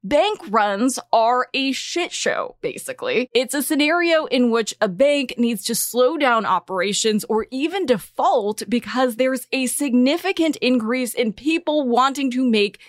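Woman host, breezy and chatty, scripted podcast read, lively pitch, dry studio sound. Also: unhurried, few pauses, no echo. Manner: breezy, conversational, with casual swearing.

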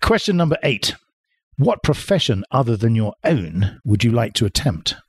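Man, podcast host, husky voice, animated pitch, playful quizzing, dry sound. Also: dry recording. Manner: playful, quick quizzing with little laughs. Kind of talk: interview podcast.

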